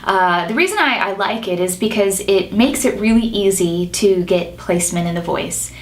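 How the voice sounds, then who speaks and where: A woman's voice: mid-range voice, lively intonation, normal speed. A woman singing teacher explaining a nasal vocal exercise and demonstrating it in between her explanations.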